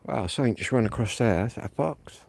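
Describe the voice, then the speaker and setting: A man's voice: medium pitch, fast talker, creaky, very noisy. An English man chatting bluntly in slang as he films a walk-and-talk vlog outdoors at night. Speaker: vlogger. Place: outdoors at night walking, then indoors at home.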